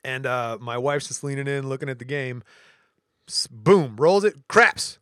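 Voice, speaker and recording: Animated male storyteller, dry close mic. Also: medium pitch, unhurried, dry recording. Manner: animated anecdote teller, acts out quotes. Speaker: podcast co-host. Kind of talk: casual storytelling chat.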